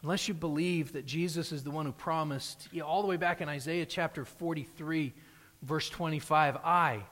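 Brief: male pastor, earnest sermon delivery, a bit high-pitched, reverberant sanctuary. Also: steady tone, moderate pace, fairly bright tone. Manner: earnest preaching, rising emphasis, frequent restarts. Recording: long hall reverb.

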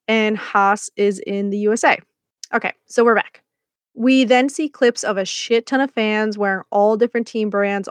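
A woman's voice: mid-range voice, clear, resonant tone, no echo, clean studio sound. A woman hosting a podcast, recapping a series episode in a chatty, playful way with sarcastic asides. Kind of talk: casual scripted commentary.

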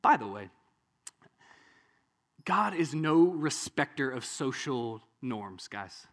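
A man preaching a sermon in a lively, conversational way, often checking in with the listeners. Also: medium pitch, slow. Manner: animated, conversational, often asks "right?". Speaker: pastor.

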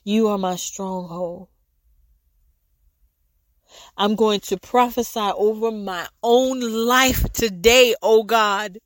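A woman leading a fervent spoken prayer, pleading and repeating lines, at times rising to shouts and speaking in tongues. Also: on the high side, fairly even intonation, slow pace, pauses often, no echo. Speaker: prayer leader.

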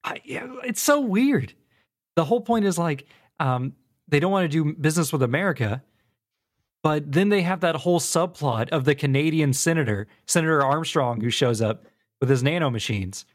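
A man's voice: on the high side, expressive, moderate pace. An easygoing man co-hosting a casual chat, recapping plots with fillers like "like" and "um".

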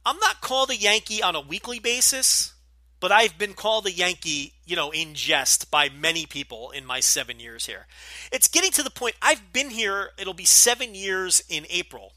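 A man's voice: high voice, lively intonation, moderate pace, bright, forceful tone, dry recording. A man with a light New Jersey accent hosting a casual podcast Q&A, talking bluntly and profanely, full of opinions and asides. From Northeastern US, New Jersey. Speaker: podcast host.

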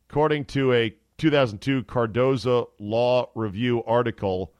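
A male sports talk host riffs in a casual, wry and sarcastic way, at a middle pitch. His voice is heard close and dry, with no room sound around it. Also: normal speed, darkish tone, clean tone, no echo, muffled recording.

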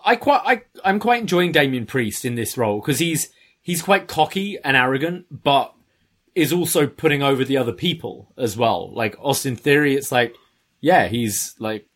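A man's voice: medium pitch, animated, moderate pace, fairly bright tone. Man explaining things wryly. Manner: explains slang carefully, wry. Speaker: podcast co-host. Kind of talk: casual chat.

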